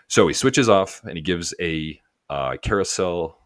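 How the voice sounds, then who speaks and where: A man's voice: rumbling low, expressive, moderate pace, hardly any pauses, a bit bright, no echo. A man co-hosting a podcast, casually retelling a cartoon episode in a rambling way full of fillers. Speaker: podcast co-host.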